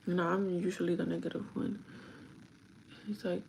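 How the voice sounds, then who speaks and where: A woman's voice: on the low side, level tone, brisk, vocal fry, pauses often, darkish tone. A sleep-deprived woman telling an emotional story about her partner on a casual livestream, rambling and quoting him as she goes. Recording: noisy livestream audio.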